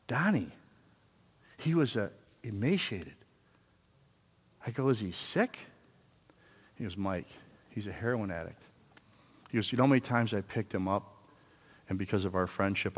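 A man in his sixties preaching a sermon in a church, telling a story and then building to loud, emphatic exhortation. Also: lowish voice, big-room sound. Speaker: pastor.

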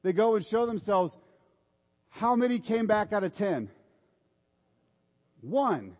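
High-voiced male preacher, echoing hall. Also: sing-song, takes it slowly, darkish tone. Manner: informal, exhorting, repeats "come on". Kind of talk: sermon.

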